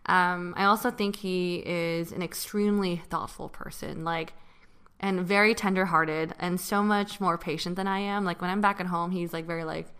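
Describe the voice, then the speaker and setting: A woman's voice: fairly low pitch, steady tone, fairly bright tone, clean tone. A young woman from California in casual chat, talkative and full of filler words. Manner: talkative, lots of fillers, quick asides. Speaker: podcast co-host.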